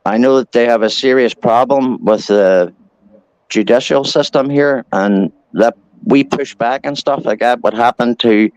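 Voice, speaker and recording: A man's voice: mid-range voice, unhurried, a little mellow, no echo. Irish man telling stories, muffled audio. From Ireland. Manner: rambling storyteller, swears casually. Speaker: guest. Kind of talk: casual chat.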